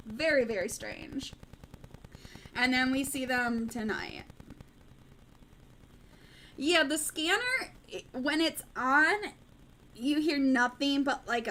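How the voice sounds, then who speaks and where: A young woman from the Midwest hosts a late-night news livestream in a loose, rambling way, full of ums and restarts. Her voice sits a little high. A faint background hiss runs under her talk. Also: a bit bright, poor audio. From American Midwest.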